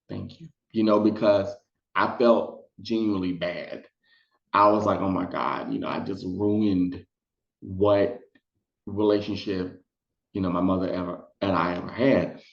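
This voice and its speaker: A man telling a personal story in casual vlog style, acting out the people he quotes. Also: unhurried. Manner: animated, acts out quotes in high voices. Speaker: storytime vlogger. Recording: roomy, dull lo-fi sound.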